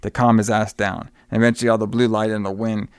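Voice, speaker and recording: Smooth-voiced man, swearing recap. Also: lowish voice, flat delivery, fast talker, no echo. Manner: profane, rambling, acts out quoted lines. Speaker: podcast co-host recapping a film. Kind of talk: casual chat.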